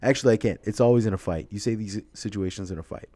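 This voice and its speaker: A man's voice: on the low side, fast, dark tone, no room sound. Laughing, rambling male podcast host. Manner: rambling storyteller, laughs often, swears freely. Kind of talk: casual chat.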